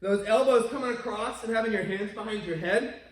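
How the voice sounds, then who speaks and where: A man's voice: high voice, a little fast. A male martial arts instructor, coaching an online class in an upbeat, encouraging way. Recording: echoey room, mic at a distance.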